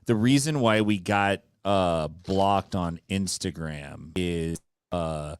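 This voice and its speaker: A man's voice: low voice, slow pace, a little hiss or hum. A man co-hosting a podcast, talking in a laid-back, hesitant way. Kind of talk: casual chat.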